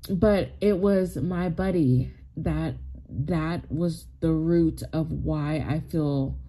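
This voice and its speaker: A woman's voice: low-pitched, slow pace, dark tone. A woman in her forties, tearful and close to crying, telling a rambling personal story with many likes and you knows. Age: 40s. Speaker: spiritual wellness vlogger.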